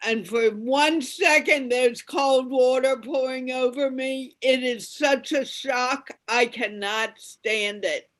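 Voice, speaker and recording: A woman's voice: high-pitched, fairly even intonation, takes it slowly, hardly any pauses, fairly bright tone. A woman chatting in an online club over a video call, emphatic and giggly. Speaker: participant in an online chat club. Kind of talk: casual chat.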